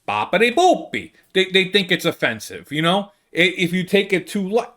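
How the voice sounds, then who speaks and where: A man's voice: sits high, moderate pace, pushed and bright. A man with a Brooklyn accent hosting a casual comedy monologue, rambling and exasperated, with lots of restarts. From United States. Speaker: comedian podcast host.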